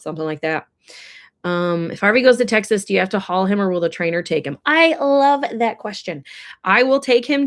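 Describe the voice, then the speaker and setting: A woman chats casually on a livestream about her horses and her plans, answering viewers' comments as they come in. She is openly emotional and teary at times, and she talks in a loose, unscripted way full of fillers. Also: on the low side. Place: indoors with air blowing.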